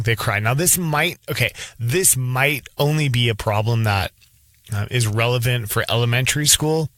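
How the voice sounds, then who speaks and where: A teacher in his thirties speaks his mind in a loose, rambling monologue, often restarting his thoughts. His voice sits at an ordinary middle pitch. The sound is dry and close, with no room around it. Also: sharp tone, dry recording. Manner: candid, rambling, frequent restarts. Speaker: elementary school teacher. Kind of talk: casual opinion monologue.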